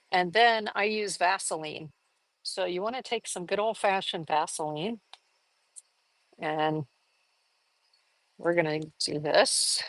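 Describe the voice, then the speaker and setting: A woman's voice: on the low side, dry recording. A woman giving a live art lesson, chatting enthusiastically and thinking aloud as she works on a collage. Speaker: art teacher.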